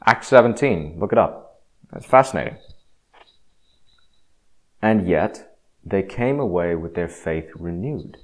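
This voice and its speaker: A man giving a casual, rambling talk on faith, often restarting his sentences and swinging from quiet to emphatic. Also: sits low, animated, slow pace, pauses often. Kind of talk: casual religious monologue.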